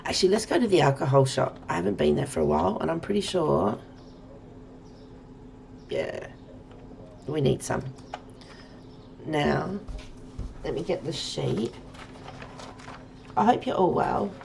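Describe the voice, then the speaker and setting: A woman's voice: low voice, huge pitch swings, unhurried, vocal fry, pauses often, darkish tone, slight background noise. An Australian woman in her forties chatting casually to viewers while she streams a game, rambling as she plays. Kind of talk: casual let's-play chat.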